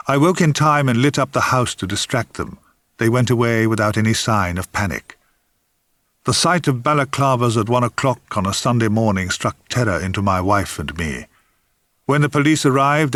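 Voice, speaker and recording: A man's voice: mid-range voice, fairly bright tone, no echo. An older man reading his own memoir aloud with a dry, wry, theatrical storytelling manner. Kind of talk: memoir audiobook narration.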